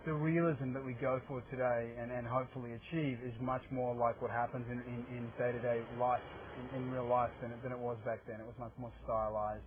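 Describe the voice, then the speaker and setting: A man in his thirties with an Australian accent, an actor answering interview questions in a rambling, hesitant way with many restarts. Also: medium pitch. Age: 30s. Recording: tinny phone-like audio, faint hiss.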